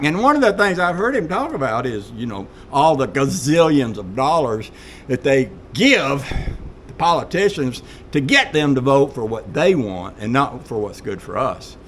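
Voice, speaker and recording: A man's voice: on the high side, fairly bright tone. A man ranting in a folksy, exasperated monologue straight to camera. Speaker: vlogger.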